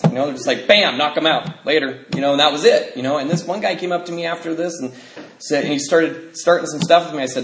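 A man giving a personal testimony to a live group, telling his story loosely with many fillers and laughing through the darker parts. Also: fairly high pitch. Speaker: speaker sharing his recovery story. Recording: echoey room, faint background noise.

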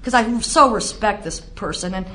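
A woman's voice: mid-range voice, normal speed, pushed and bright. A middle-aged woman giving a candid, self-mocking personal testimony at a recovery meeting, often laughing at herself.

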